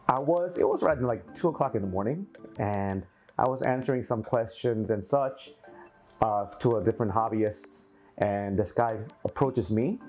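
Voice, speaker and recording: Lively man telling reef-show stories. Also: on the low side. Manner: animated, acts out quotes, laughs often. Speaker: aquarium hobby YouTuber. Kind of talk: casual storytelling to camera.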